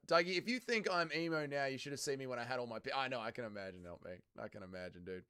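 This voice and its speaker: Australian male streamer, profane banter, crisp and sharp tone. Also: mid-range voice, quick pace, few pauses. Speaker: livestream host. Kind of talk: casual livestream chat, reading viewer comments.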